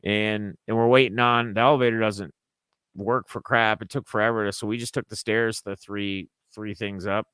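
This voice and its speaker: A man's voice: fairly low pitch, level tone, moderate pace, fairly bright tone, clean tone, dry recording. A young man from Minnesota casually recapping a trip, rambling and acting out his friends' lines in raised voices. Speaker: sports card collector vlogger.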